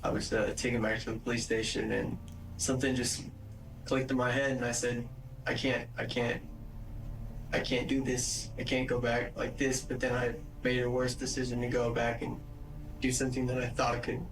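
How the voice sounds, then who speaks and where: A man's voice: mid-range voice, monotone, moderate pace, noisy background. A young man in a police interview, stammering and repeating his words in a subdued way. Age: young adult. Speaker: murder suspect. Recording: roomy distant recording with music.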